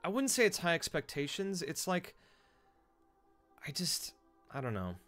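A man's voice: a little high, sing-song, measured pace, fairly bright tone, faint music behind. A man who streams and voice-acts, chatting casually with his viewers in a rambling, self-deprecating way, full of fillers and restarts. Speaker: streamer and voice actor.

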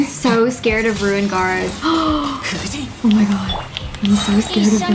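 A young woman giving casual commentary while playing a video game, excitable and swearing, gasping and squealing when her characters are in danger. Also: a little high, moderate pace. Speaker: gaming streamer. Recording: game music playing behind.

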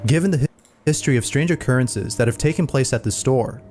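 Measured male narrator over music. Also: medium pitch. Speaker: narrator of a scary video compilation. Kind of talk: scripted narration.

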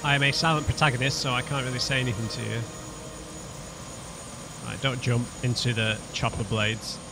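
A man's voice: medium pitch, little pitch movement, normal speed, vocal fry, music in the background. Chatty gamer man. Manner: chatty, wry asides. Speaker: let's play gamer. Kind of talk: casual gameplay commentary.

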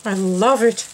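A woman's voice: high voice, slight background noise, low-quality recording. A woman hosting a casual craft unboxing vlog at home, gushing and exclaiming over each item. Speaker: craft channel host. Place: her home.

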